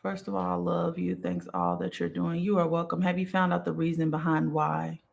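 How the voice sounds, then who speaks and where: A woman's voice: on the low side, normal speed, vocal fry. Chatty woman hosting a spiritual live stream. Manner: affirming, repeats "okay" and "period", relaxed and chatty; yawns and sighs now and then. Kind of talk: casual live-stream chat reading viewer comments.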